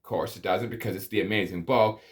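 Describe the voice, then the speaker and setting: A man's voice: on the low side, fairly even intonation, quick pace. A man giving a profane comedic movie review, exasperated and ranting, with sighs and groans of disbelief. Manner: exasperated, swearing, sighing rants.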